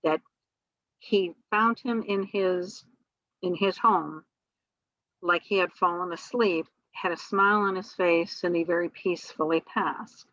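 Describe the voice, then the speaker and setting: A woman's voice: on the low side, measured pace, a bit bright, dry recording, highs cut off. A middle-aged woman, a guest on an interview show, tells a personal story in a rambling way, full of fillers and restarts.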